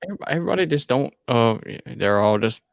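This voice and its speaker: A man's voice: medium pitch, lively intonation, fast, creaky, dry recording. A man co-hosting a casual chat, reacting in a laid-back, mumbly way.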